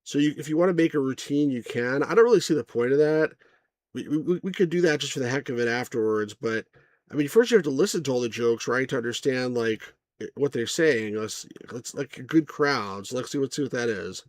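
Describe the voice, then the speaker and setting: Male host, casual and rambling, middle pitch, dry. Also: expressive, a little fast, no room sound. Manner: rambling, chuckling, many restarts and asides to viewers. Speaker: game reviewer host. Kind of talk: casual gameplay commentary.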